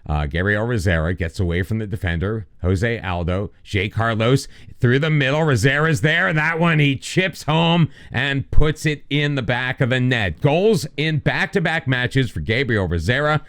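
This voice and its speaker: A man's voice: medium pitch, animated, moderate pace, few pauses, fairly bright tone, clean tone. An American man casually commenting over a football management game, mixing play-by-play calls with joking, self-deprecating asides. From United States. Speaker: gaming YouTuber.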